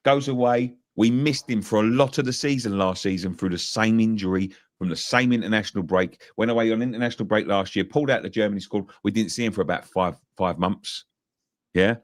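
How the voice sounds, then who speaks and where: A man's voice: lowish voice, brisk, no room sound, studio quality. A man co-hosting a football fan show, making his points emphatically and repeating himself for stress. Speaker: fan channel co-host. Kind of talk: casual football opinion chat.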